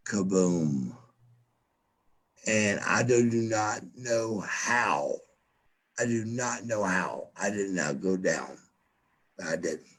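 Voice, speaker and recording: A man, a podcast guest, telling a story casually, swearing often, stumbling over repeated words and acting out what others said. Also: fairly low pitch. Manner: profane, repeats words, acts out quoted lines. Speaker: podcast guest, former wrestler.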